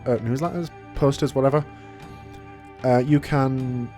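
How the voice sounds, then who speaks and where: A man giving casual, joking let's play commentary, chatty and quick to laugh. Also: medium pitch, fairly even intonation, dark tone, faint music behind.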